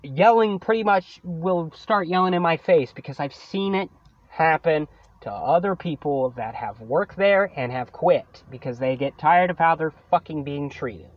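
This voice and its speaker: A man's voice: fairly high pitch, lively intonation, measured pace, dry recording, muffled recording. A man hosting his own podcast, venting about a coworker in a profane, sarcastic solo rant. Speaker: podcast host.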